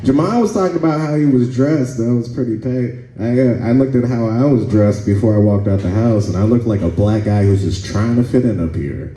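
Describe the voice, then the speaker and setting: A man doing a stand-up comedy set in a club, laid-back and halting, often pausing with "uh" and chuckling between lines. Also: fairly low pitch, warm tone, roomy sound, poor audio. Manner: laid-back, halting, with frequent "uh" and "let's see".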